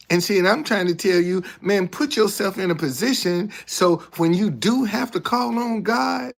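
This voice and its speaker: A man's voice: a little high, vocal fry. A man giving preachy casual commentary as an online host, emphatic and repeating his words like a preacher.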